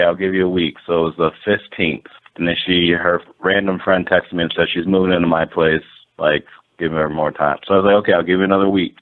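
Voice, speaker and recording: A man, a landlord guest, telling a story casually and rambling, full of "like" and acted-out quotes. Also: sits low. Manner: rambling, animated, lots of "like" and quoted dialogue. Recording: tinny phone-like line.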